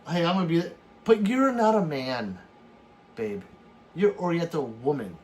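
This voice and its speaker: A man hosts a late-night livestream, reading viewers' messages aloud and firing back jokes. His voice sits a bit high and swings widely in pitch. A faint background hiss runs under the recording. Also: a little slow. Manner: animated, bursts into laughs and shouts. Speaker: livestream host reading chat. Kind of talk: casual late-night stream chat.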